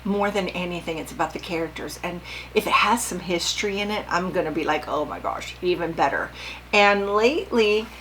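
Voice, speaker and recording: A woman's voice: fairly low pitch, fairly quick, a bit bright, slight background noise, poor audio. An older woman vlogging casually about her sewing, chatty and rambling, often asking her viewers questions.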